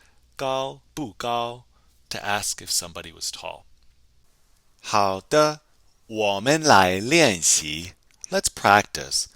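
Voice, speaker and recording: Man slowly modeling phrases as a teacher. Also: medium pitch, fairly bright tone, no room sound. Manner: slow, clear model pronunciation of phrases, repeated for practice. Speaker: Chinese language teacher. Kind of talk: recorded lesson video.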